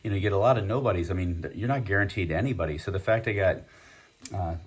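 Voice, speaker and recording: A man's voice: low-pitched, fast talker, husky. A man hosting a casual vlog, chatting and rambling with many fillers as he opens packs of cards. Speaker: host. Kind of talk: casual card-opening vlog.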